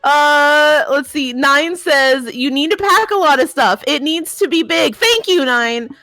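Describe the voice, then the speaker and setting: A woman co-hosts a game stream, reading chat aloud and joking around with a chatty, amused manner. Her voice is bright and fairly high. The sound is dry, with faint game music in the background. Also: unhurried, no room sound. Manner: chatty and amused, laughing often. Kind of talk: casual stream banter.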